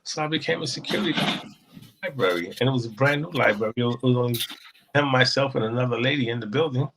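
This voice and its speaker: A man telling a personal story as a guest, in an animated way that acts out the voices of the people in it. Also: mid-range voice, fast talker, a little hiss or hum, rough recording.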